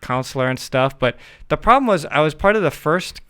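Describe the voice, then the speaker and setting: A man's voice: a little high, animated, a little fast, a bit bright, clean tone. A middle-aged man, co-hosting a casual podcast and telling a personal story, acting out the voices he remembers. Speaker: podcast co-host. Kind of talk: casual chat.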